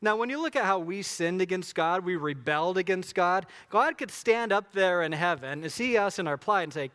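A man's voice: high voice, lively intonation, moderate pace, hardly any pauses, a bit bright, smooth. Man preaching in a reverberant hall. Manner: emphatic, conversational preaching with rhetorical questions. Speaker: pastor. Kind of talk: sermon.

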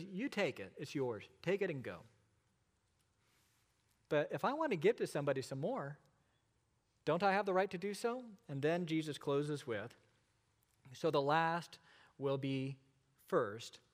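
Middle aged guy preaching, kinda higher voice, lots of questions to the crowd, echoey church. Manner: expository preaching with rhetorical questions and dramatic pauses. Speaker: pastor. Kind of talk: sermon.

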